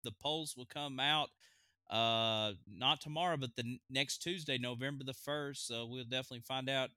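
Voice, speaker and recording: A man speaking in an interview clip, upbeat and a little halting as he talks about the season. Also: mid-range voice, fairly even intonation, bright, forceful tone, clean tone, no room sound, clean studio sound.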